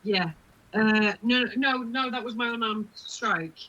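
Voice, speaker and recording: A woman's voice: on the high side, slow pace, sharp tone. Playful woman playing a tabletop game. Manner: playful, teasing. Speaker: player. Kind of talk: casual tabletop play. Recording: dull lo-fi with faint noise.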